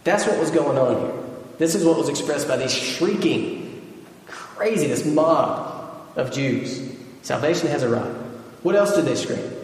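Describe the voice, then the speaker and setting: A Southern American man preaches in a loose, conversational teaching style, stopping to make sure his listeners are keeping up. His voice sits a little high for a man. He is picked up from a distance, and the large hall around him rings with a long, heavy echo. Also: darkish tone. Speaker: pastor. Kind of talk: sermon. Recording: distant mic in echoey hall.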